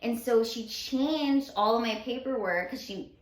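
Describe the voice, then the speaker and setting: A woman co-hosting a casual chat, friendly and quick to laugh. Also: a little high. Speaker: podcast co-host. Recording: echoey room.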